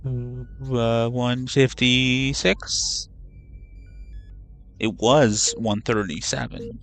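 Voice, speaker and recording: A man's voice: medium pitch, steady tone, extremely slow, gravelly, fairly bright tone, soft background music. A man streaming a video game, chatting casually in a rambling way, swearing freely, and often correcting himself mid-sentence. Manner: rambling, profane, self-correcting. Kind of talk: casual gaming livestream chat.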